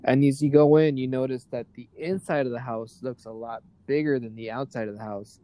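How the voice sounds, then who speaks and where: A man's voice: medium pitch, steady tone, brisk, dark tone, no echo. A man narrating a tabletop role-playing game as game master, loose and rambling with many fillers.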